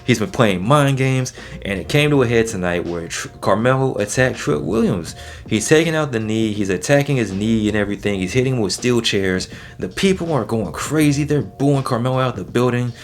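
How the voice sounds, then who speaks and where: A man reviewing a wrestling event in a casual video, excitable and slangy, getting worked up as he talks. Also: mid-range voice, moderate pace, soft background music.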